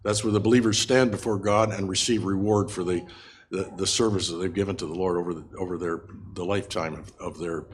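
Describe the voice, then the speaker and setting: An older man with a fairly low voice teaches a Bible passage in an unscripted sermon. He talks earnestly and haltingly, with frequent fillers and restarts. Faint ambient noise sits behind him. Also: fairly even intonation.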